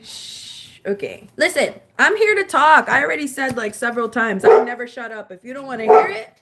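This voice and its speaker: A high-voiced woman hangs out on a home live stream, chattily answering her chat and stopping to reprimand her dog. A little hiss or hum sits in the recording.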